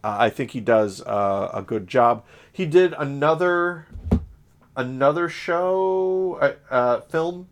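Taking it slowly, a man with a somewhat high voice and lively intonation co-hosts a podcast. He's from Southern Illinois, and his casual chat rambles with many fillers, restarts, and self-corrections.

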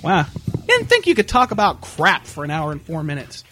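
A man's voice: on the high side, wildly swooping pitch, moderate pace, over music. A man co-hosting a casual podcast, telling profane stories with lots of laughter. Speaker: podcast co-host.

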